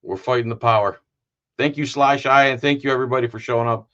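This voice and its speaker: A man's voice: mid-range voice, fairly even intonation, fast, fairly bright tone, lo-fi sound. A man hosting a live stream, rambling and cracking jokes as he signs off. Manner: rambling and joking, many fillers. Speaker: livestream host. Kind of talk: casual live-stream sign-off.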